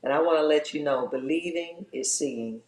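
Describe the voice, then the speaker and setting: A woman's voice: low-pitched, normal speed, a little mellow, reverberant. A woman guest, a singer, speaking effusively and from the heart in an interview. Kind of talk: casual interview chat.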